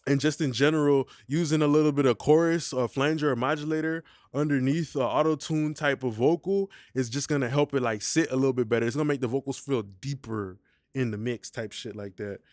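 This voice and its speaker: A man's voice: medium pitch, fairly quick, a little mellow, no room sound, clean studio sound. A man hosting a casual vocal mixing tutorial, talking in a slangy, laid-back way and often asking "you feel me". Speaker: mixing engineer tutorial host.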